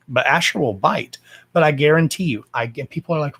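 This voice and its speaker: A man's voice: a little high, fairly quick, a bit bright, slightly rough. A man hosting a casual livestream from home, talking bluntly and swearing freely in a fired-up, emphatic rant. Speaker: livestream host.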